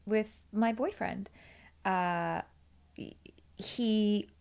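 A woman's voice: mid-range voice, extremely slow, vocal fry, darkish tone, clean tone, lo-fi sound. A woman candidly recounting a fight with her partner, acting out both sides of the conversations. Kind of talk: candid personal storytelling.

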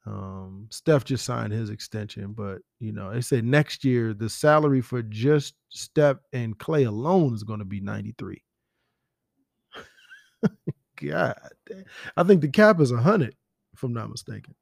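A podcast host delivers casual solo commentary, rambling and profane in a conversational style. His mid-range voice is expressive and creaky at a measured pace, captured as clean studio sound with no room sound.

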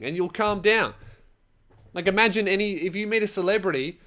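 A young man with a slightly high voice talks straight to his listeners in a loose, rambling podcast monologue. He swears constantly and jumps between anecdotes and advice with animated comic energy. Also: fairly quick. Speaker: podcast host, comedian. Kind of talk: casual solo podcast monologue.

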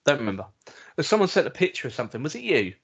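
A man, co-hosting a casual podcast and telling a rambling story with halting restarts. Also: a little high, sing-song, vocal fry, a bit bright, breathy edge. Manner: rambling, halting anecdote with laughs. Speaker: podcast co-host. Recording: dull lo-fi recording.

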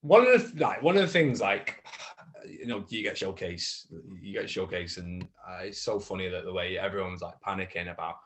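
Halting low-voiced man, casual chat. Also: expressive. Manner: halting, many restarts, gets emphatic giving advice. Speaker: guest actor.

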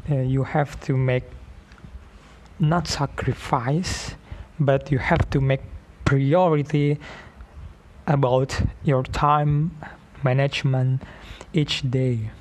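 A man who is not a native English speaker hosting his own podcast, talking slowly with many pauses, restarts and fillers. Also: mid-range voice, steady tone, a little mellow. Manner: slow, halting speech with many restarts and fillers. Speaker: podcast host. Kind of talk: casual solo podcast talk.

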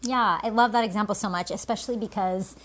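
A woman's voice: mid-range voice, fast, a bit bright. Female podcast co-host, affirming and reflective, casual chat, mid-range voice.

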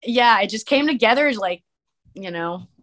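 A woman, a musician and streamer, chatting as a podcast guest and telling stories in an animated way, full of "like". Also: fairly high pitch, moderate pace. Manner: animated storyteller, many "like" fillers. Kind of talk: casual interview chat.

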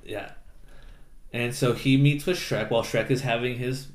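A man's voice: medium pitch, steady tone, normal speed. A young man co-hosting a podcast, chatting casually about a movie, giggling, swearing and acting out the scenes. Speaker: podcast co-host. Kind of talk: casual chat recapping a movie. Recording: roomy echo.

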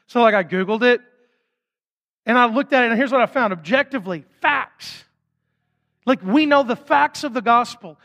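A man preaching a sermon as pastor, casual and conversational with quick asides. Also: high-pitched, fairly bright tone, in a large hall.

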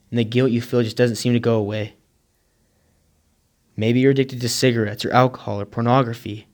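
A man telling a moving story in a sermon, measured and earnest, with dramatic pauses. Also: medium pitch. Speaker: speaker.

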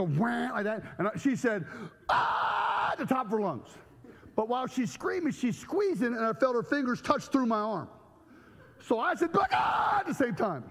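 A middle-aged male pastor telling a story in a sermon, acting out the scenes with shouts and sound effects. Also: high voice. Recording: echoey hall.

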